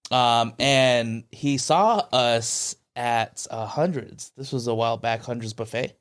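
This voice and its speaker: A man's voice: medium pitch, takes it slowly. A man co-hosting a casual podcast chat, rambling with many ums and restarts and jumping into a raised voice when he quotes people. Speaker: podcast co-host.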